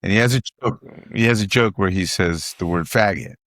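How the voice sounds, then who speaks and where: A middle-aged man with a fairly low voice tells stand-up road stories in an easy, chatty way. He leans on repetition for emphasis and acts out other people's voices as he goes. The sound is dry and close, with no room around it. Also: a little fast, a bit bright, dry recording. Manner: repeats phrases for emphasis, acts out quoted voices. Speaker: guest comedian. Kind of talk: casual storytelling chat.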